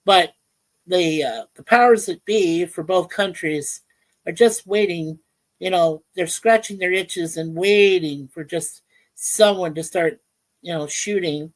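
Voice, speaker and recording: A woman hosts a casual livestream from home. She rambles in halting phrases full of fillers and greets chat viewers by name. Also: fairly low pitch, low-quality recording. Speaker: livestream host. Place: home in Ontario, Canada.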